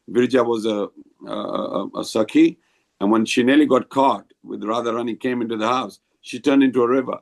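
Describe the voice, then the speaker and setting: A man leading a devotional group discussion over a video call, explaining slowly and rambling a little. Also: lowish voice, creaky, a little mellow.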